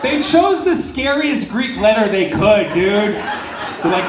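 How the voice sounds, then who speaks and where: Brash male comedian, high-pitched, riffing with a rowdy crowd in a live club. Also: lively intonation, normal speed, noisy background. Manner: brash, profane, riffing with the audience. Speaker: stand-up comedian. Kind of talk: stand-up set with crowd work. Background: audience laughter.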